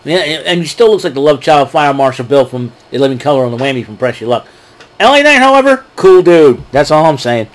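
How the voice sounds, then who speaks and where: A man's voice: fairly high pitch, big pitch swings, a little fast. A man casually recapping wrestling events, rambling with fillers and chuckling at his own jokes. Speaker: wrestling show recap host. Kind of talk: casual solo recap talk.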